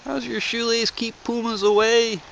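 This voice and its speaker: A man putting on the voice of a puzzled male shop customer who starts his lines with a drawn-out "Ee". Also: very high-pitched, level tone, gravelly, fairly bright tone, slight background noise, voice pushed up, exaggerated voice, rough recording. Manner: drawn-out "Ee" before each line.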